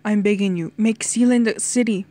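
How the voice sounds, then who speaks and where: A woman's voice: mid-range voice, fairly even intonation, moderate pace, dark tone, lightly acted. A woman voicing a stuttering, distraught young man. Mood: frantic pleading. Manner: stuttering, pleading, tearful.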